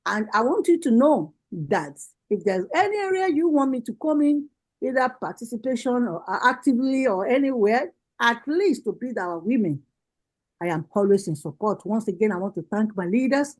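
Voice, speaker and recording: A woman's voice: a little high, lively intonation, moderate pace, darkish tone, rough recording. A Nigerian woman giving a rallying political speech over a video call, with repeated, impassioned calls to action. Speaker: party women's leader giving a speech.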